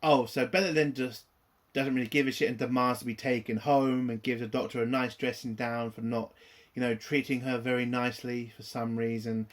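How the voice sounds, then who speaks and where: A man's voice: mid-range voice, flat delivery, a little fast. A man ranting through a TV episode review, profane, exasperated and sarcastic.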